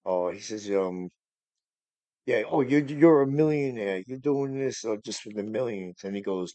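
A male podcast host with a dark, mellow, lowish voice talks casually about faith at a moderate pace, rambling earnestly and growing heated when preachers come up. The recording is dry and close, with no room echo.

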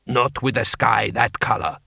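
A man's voice: mid-range voice, measured pace, gravelly, pushed and bright, dry recording, clean studio sound, exaggerated voice. A man voicing a blunt, unimpressed male warlord who speaks sharply and matter-of-factly.

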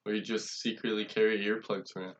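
A man co-hosting a casual podcast, chiming in animatedly and quick to laugh. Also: fairly low pitch, flat delivery. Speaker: podcast co-host. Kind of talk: casual profane chat. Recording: dull lo-fi audio.

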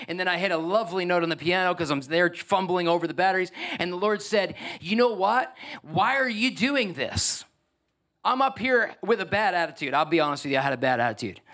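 A man preaching from the pulpit with a notably high-pitched voice. His delivery is earnest and emphatic, with frequent restarts as he presses his points, speaking into a microphone before a church congregation. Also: bright, forceful tone. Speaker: pastor. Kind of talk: sermon. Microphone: handheld or stage microphone.

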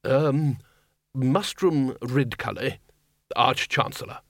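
A man voicing a gruff, impatient old head wizard in an audiobook who stammers when caught off guard. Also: mid-range voice, takes it slowly, no echo, studio quality. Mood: flustered. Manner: brusque, stammers when unsettled.

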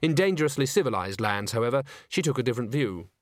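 A man narrating a comic fantasy novel in a wry, measured storytelling voice. His pitch is middle but rises and falls with lively expression. The recording is dry and close. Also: no echo. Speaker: audiobook narrator. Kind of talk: scripted narration.

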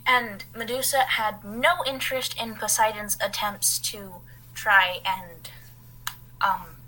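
A woman with a bright, clear tone co-hosts a casual podcast. She rambles through a story from her notes and breaks off for offhand asides. Her pitch sits at an ordinary middle height. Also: fairly even intonation, takes it slowly, a little hiss or hum, rough recording. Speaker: podcast co-host.

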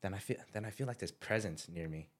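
A man's voice: low voice, quick pace. A young man telling stories in a casual chat with friends, slangy and laid-back, laughing often. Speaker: podcast co-host.

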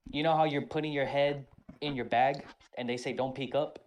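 A man hosting a casual podcast chat, an army veteran telling stories in a profane, animated way. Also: mid-range voice, brisk, highs cut off, slight background noise. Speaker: podcast host.

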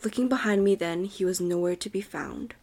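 A young woman with a soft, breathy voice reads a creepy story aloud for a podcast. She drops to a near whisper whenever the tension builds. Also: fairly low pitch, a little fast. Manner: drops to a whisper at tense moments. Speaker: podcast co-host reading a story. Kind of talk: dramatic horror story reading.

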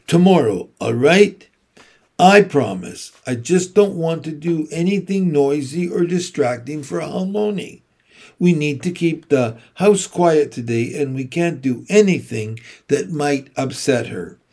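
A man reading a weary, gentle mother. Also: on the high side, lively intonation. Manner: soft, careful, measured. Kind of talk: audiobook character reading.

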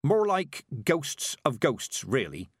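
A man voicing a stern, sharp-tongued old woman witch who speaks in curt, commanding tones. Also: mid-range voice, wildly swooping pitch, takes it slowly, breathy edge, no room sound, clean studio sound, voice pushed up, heavily acted.

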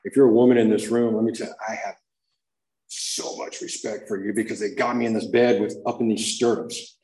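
A man's voice: fairly low pitch, fairly even intonation, a little fast, a little mellow. A man telling his personal recovery story to a room full of people in a raw, confessional way. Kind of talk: personal testimony to a live audience. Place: room with an audience. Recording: echoey room.

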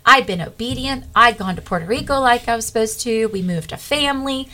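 A middle-aged woman, a guest, telling a personal faith testimony in an earnest, animated way. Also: on the high side, fairly quick.

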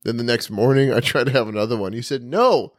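A man's voice: mid-range voice, steady tone, fast talker, no echo, studio quality. A man co-hosting a podcast, telling stories in an easygoing, joking way. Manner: easygoing, jokey storytelling. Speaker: podcast co-host. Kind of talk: casual chat.

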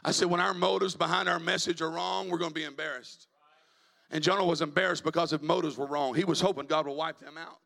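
A male evangelist, preaching a sermon in a church, moving from quiet talk to shouted preaching. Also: on the high side, fairly even intonation, fast talker, gravelly. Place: church sanctuary.

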